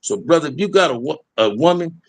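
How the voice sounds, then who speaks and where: Gravelly man telling street stories. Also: a little high, expressive, brisk. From Los Angeles area. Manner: streetwise, profane, addresses listener as man. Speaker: interviewee telling life stories. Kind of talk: casual storytelling.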